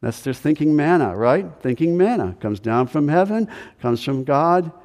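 A man's voice: a little high, sing-song, moderate pace, darkish tone. A man preaching a sermon as pastor, emphatic, repeating key phrases for stress. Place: church sanctuary. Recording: echoey hall with long reverb.

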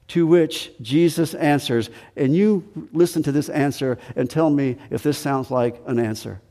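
A man's voice: mid-range voice, a little slow, darkish tone, in a large hall. A man preaching a sermon as pastor, repeating key phrases and asking rhetorical questions.

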